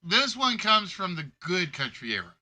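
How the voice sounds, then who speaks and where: A man's voice: high-pitched, big pitch swings, moderate pace, bright, forceful tone. A man hosting a live-streamed game show, chatting playfully and nudging players toward answers. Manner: chatty and playful, giving hints and joking with players.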